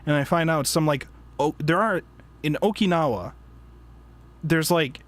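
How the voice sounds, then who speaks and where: A man's voice: on the high side, unhurried. A man with a slightly raised voice chats casually in a book club discussion. He rambles through fillers and false starts, laughing often as he talks. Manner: rambling, laughing, frequent fillers and self-interruptions. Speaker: podcast host.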